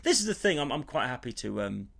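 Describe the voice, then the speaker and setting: A man on a podcast, retelling a film in a sweary, animated, rambling way. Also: mid-range voice, quick pace, vocal fry. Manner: animated, sweary storytelling with restarts. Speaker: podcast co-host. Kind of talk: casual comedic chat.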